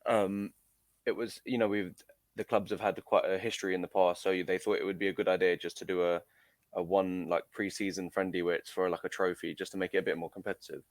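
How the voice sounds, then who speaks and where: A man's voice: low-pitched, flat delivery, fast talker, no echo. A young man telling a story in an interview, hesitant, with many fillers and restarts. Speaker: amateur footballer guest. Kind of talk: casual recounting in an interview.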